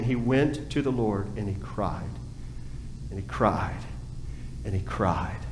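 A man preaching a sermon as pastor, passionate, dropping to a hush and then rising again. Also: a little high, reverberant, slight background noise, poor audio. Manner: impassioned preaching, swings from hushed to raised. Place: church sanctuary.

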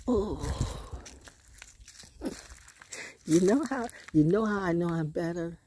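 A middle-aged woman chats into a handheld phone as she walks alone outdoors. Her voice is mellow and warm, with a faint hiss behind it. She rambles loosely and often sinks into soft, hushed asides. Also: on the low side, animated, slow pace, long pauses. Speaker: vlogger. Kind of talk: casual walking monologue. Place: outdoors in nature.

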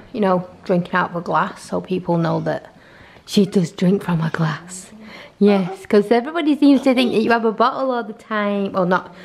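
A woman's voice: medium pitch, creaky. A woman chatting casually in a home vlog, coaxing and teasing her toddler. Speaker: family vlogger. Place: family home, indoors.

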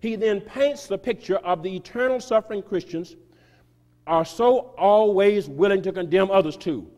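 A man preaching a sermon as pastor, reading a quoted text aloud with emphatic, sweeping shifts in loudness and pace. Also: sits high, moderate pace. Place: church sanctuary. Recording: reverberant church hall.

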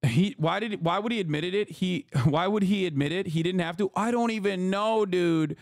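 A man rants on a live stream, incredulous and profane, mocking the people he quotes. His voice sits very high for a man. The sound is dry and close, with no room around it. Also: moderate pace, dry recording. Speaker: streamer and political commentator. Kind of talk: ranting live-stream commentary.

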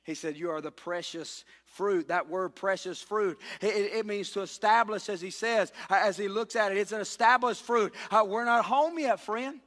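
A man preaching a sermon as pastor, impassioned, swinging from shouts to low tones and calling for amens. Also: moderate pace, hardly any pauses. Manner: impassioned, rises to shouts and drops low, calls for amen. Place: church sanctuary. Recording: long hall reverb.

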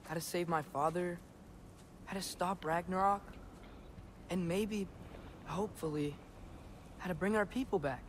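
A man's voice: sits high, unhurried, long pauses, a little hiss or hum. An eager teen boy hero. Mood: earnest. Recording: game audio over music.

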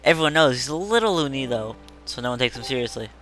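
A man's voice: mid-range voice, animated, quick pace, fairly bright tone, faint music behind, close to an everyday voice. A man voicing a chatty villager from a video game who gossips about local rumors. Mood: gossipy. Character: gossiping small-town villager.

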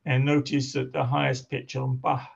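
A male lecturer talks through a seminar in a deeply gravelly, husky voice, stopping often on fillers and restarting his sentences. The recording is muffled and lo-fi. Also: completely flat delivery, moderate pace. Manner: hesitant, many fillers and restarts. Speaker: linguistics lecturer. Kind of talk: academic seminar talk.

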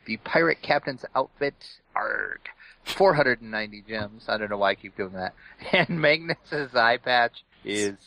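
A man co-hosting a casual gaming podcast, reading out a list with playful quick asides. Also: mid-range voice, lively intonation, bright, forceful tone, no room sound, poor audio. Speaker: podcast co-host.

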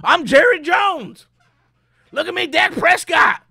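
A man's voice: very high-pitched, expressive, slow, creaky, sharp tone, voice pushed up, exaggerated voice. A man putting on the voice of a boastful older football team owner, in a brash, mocking brag. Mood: mocking swagger.

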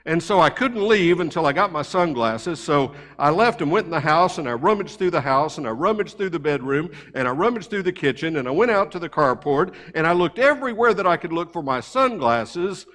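Storytelling pastor, higher voice, church echo. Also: male voice, brisk, hardly any pauses. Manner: conversational, animated anecdotes. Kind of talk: sermon storytelling. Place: church sanctuary.

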